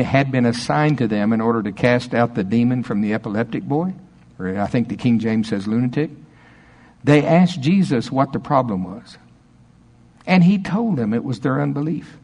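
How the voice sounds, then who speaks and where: A man preaching a charismatic sermon, fervent, dropping to low murmurs and rising to excited storytelling. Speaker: pastor.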